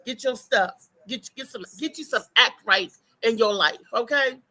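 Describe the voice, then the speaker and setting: A woman's voice: fairly high pitch, normal speed, bright, forceful tone, rough recording. A woman hosting a morning talk show, chatting casually and bluntly with listeners. She repeats her points for emphasis and swears without holding back. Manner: emphatic and repetitive, talks straight to listeners.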